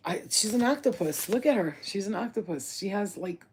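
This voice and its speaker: Slangy, excitable card reader. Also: medium pitch, a little fast, slight background noise. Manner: slangy, profane, excitable, talks straight to the viewer. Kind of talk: casual oracle card reading to camera.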